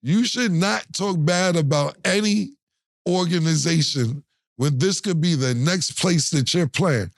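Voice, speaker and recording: Animated male podcast co-host, dry sound. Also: a little high, measured pace, vocal fry, no room sound. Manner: animated storytelling, acts out quotes and laughs often. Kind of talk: casual chat.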